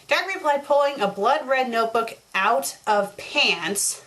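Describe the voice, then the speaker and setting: Woman, sharp bright voice, fairly high, sarcastic fanfic reading, exasperated ranting. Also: expressive, unhurried. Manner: exasperated, mocking rants. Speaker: fanfiction critic host. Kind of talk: sarcastic dramatic reading with commentary.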